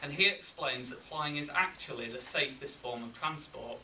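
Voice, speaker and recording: A man with a Yorkshire accent giving a humorous contest speech, with deadpan timing and pauses for laughs. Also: medium pitch, slight background noise. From England. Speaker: contest speaker. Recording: roomy hall, mic from a distance.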